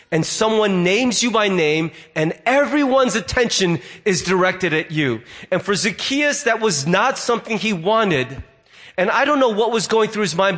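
A man's voice: high voice, fairly bright tone. A male pastor giving a sermon, telling a story and briefly voicing the people in it. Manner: storytelling, acts out voices in quotes.

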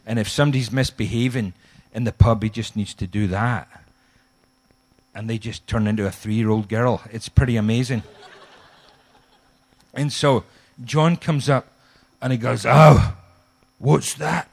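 A middle-aged man delivers a storytelling sermon. He tells a funny anecdote with playful exaggeration and acts out the voices in his story. His voice sits at an ordinary middle pitch. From Scotland. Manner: humorous, animated storytelling with acted-out quotes. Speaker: guest pastor.

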